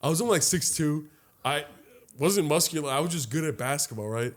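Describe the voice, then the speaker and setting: A young man co-hosting a podcast, telling a long story in a casual, profane, animated way and acting out the other people's lines. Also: a little high, brisk. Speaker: podcast co-host. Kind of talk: casual chat.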